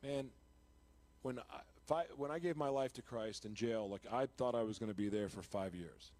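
A man giving an emotional, confessional Christian testimony on live television. He speaks earnestly, with restarts and laughs at himself, and grows loud and impassioned. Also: mid-range voice, normal speed. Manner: grows loud and impassioned when retelling his conversion. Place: television studio.

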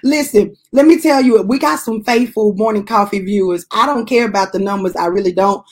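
A woman pastor hosts a morning devotional podcast, preaching in a loose, conversational way. She talks straight to her listeners, hammers points home by repeating them, and laughs often, at a pitch typical for a woman. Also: fairly quick. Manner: lively, repeats phrases for emphasis, laughs often; addresses listeners directly and casually.

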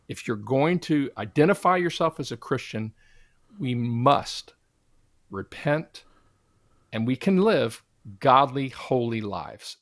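A man's voice: medium pitch, no room sound. Earnest male minister guest, preacherly testimony, dry close studio sound. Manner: earnest, preacherly, quotes scripture. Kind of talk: conversational interview testimony.

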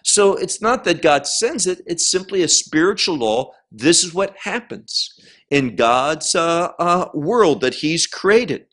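Male Bible teacher, slightly high voice, very animated pitch, unhurried sermon delivery. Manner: slow, emphatic, with lively pitch swings.

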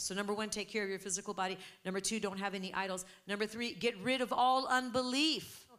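Brief: middle-aged woman pastor, fervent sermon delivery, mid-pitched voice that climbs when she presses a point. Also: steady tone, quick pace, few pauses, a bit bright. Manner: preaching with rising, emphatic intensity.

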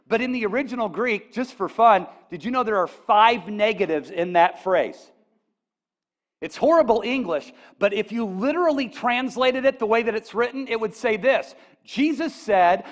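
A male pastor preaching a sermon, animated and folksy, with asides to the congregation, and rising to near-shouts on quoted lines. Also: sits high, moderate pace. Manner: folksy asides, addresses audience with "okay?".

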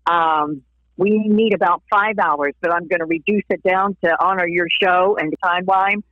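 A singer and evangelist from Florida, USA, shares her faith story as a guest in a casual interview, her lowish voice fairly even at normal speed. She laughs often and acts out the voices of people she quotes. She comes through a tinny phone line with a dry, close sound and no room sound.

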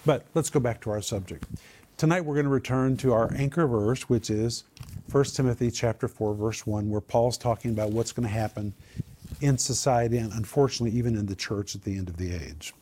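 A man's voice: mid-range voice, a little fast, warm tone, slight background noise. A man teaching on Bible verses and word meanings, growing emphatic on key points. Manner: emphatic, builds to a raised voice on key words.

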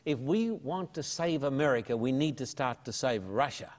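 A man's voice: medium pitch, lively intonation, moderate pace, hardly any pauses. An older Australian man, an evangelist and pastor, answering interview questions in a fervent, preacherly way.

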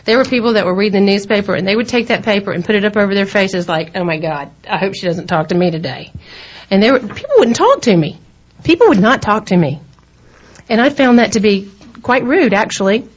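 Animated and quick-paced, a middle-aged woman with a mid-range voice and a Southern accent keeps up casual, rambling, laughing talk as co-host of a radio talk show. The setting is a radio studio, and the recording sounds dull and lo-fi.

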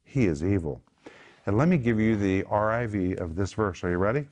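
Lowish guy preaching, punchy emphatic delivery, bible teaching. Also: animated, fairly quick, a little mellow. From United States. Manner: emphatic, rises sharply on key words. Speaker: pastor. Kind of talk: sermon-style Bible teaching.

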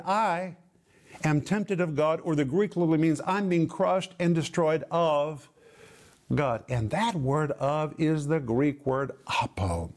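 A man preaching a sermon, emphatic, repeating key phrases and slowing down or speeding up for stress. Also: on the high side, a little mellow. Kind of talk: sermon teaching.

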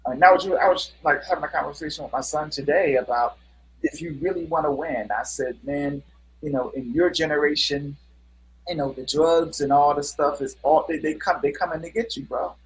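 A man's voice: on the high side, moderate pace, rough recording. A middle-aged man, a guest musician, telling stories in a casual interview with an earnest manner and many fillers.

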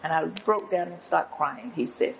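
Older woman, guest pastor; low and gravelly, preacherly storytelling. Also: normal speed, slight background noise, rough recording. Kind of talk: testimony in an interview.

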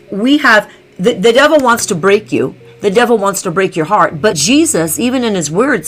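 A woman's voice: mid-range voice, fairly bright tone. A woman preaching a sermon, repeating key phrases and checking in with her listeners.

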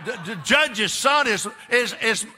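A man's voice: extremely high pitch, lively intonation, takes it slowly, sharp tone, slight background noise. A man preaching a sermon in a church, emphatic and repetitive, turning often to question the congregation. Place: church sanctuary. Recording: echoey church hall.

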